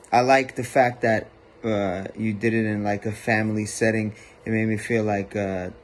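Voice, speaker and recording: A man giving feedback as a talent show judge, relaxed and full of fillers. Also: on the low side. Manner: relaxed, filler-heavy critique.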